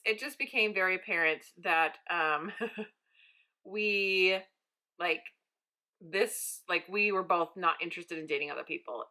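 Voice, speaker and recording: Bright, chatty woman telling a story. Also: mid-range voice. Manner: chatty, animated, acts out quoted dialogue. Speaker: vlogger. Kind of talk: casual storytelling to camera.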